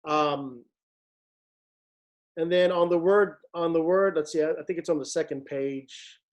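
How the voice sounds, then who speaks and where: A man's voice: on the high side, steady tone, a little slow. A man directing a virtual choir rehearsal, patiently explaining Latin diction and demonstrating each sound. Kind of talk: online rehearsal instruction.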